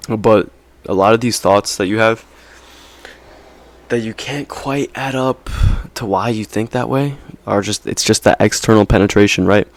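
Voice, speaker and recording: A man's voice: on the low side, moderate pace. A young man vlogging in a casual, rambling monologue, peppered with slang and "right?" checks.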